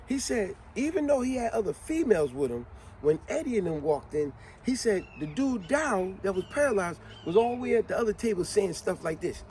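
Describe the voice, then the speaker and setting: A man's voice: sits high, very animated, brisk, darkish tone, a little hiss or hum. A man giving a motivational monologue, speaking in with an emphatic, conversational manner and frequent questions to the listener.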